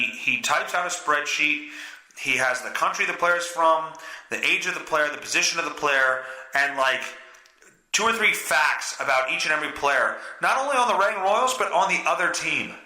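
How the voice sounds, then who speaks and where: A man's voice: fairly high pitch, pushed and bright, echoey room, rough recording. A man with a stuffy nose hosting a solo podcast, rambling, swearing and mocking himself. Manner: rambling, profane, self-mocking. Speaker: podcast host.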